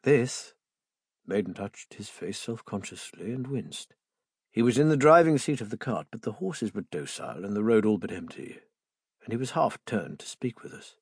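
A man reading a first-person story as an audiobook narrator, in a measured way. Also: lowish voice, sing-song, darkish tone, husky, no room sound, studio quality.

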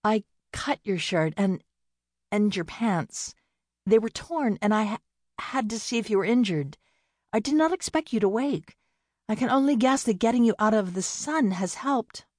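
A woman's voice: medium pitch, lively intonation, normal speed, darkish tone, dry recording, studio quality, voice pushed up, lightly acted. A woman voicing an earnest, flustered young farm woman who speaks kindly and trips over her words when nervous. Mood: flustered, caring.

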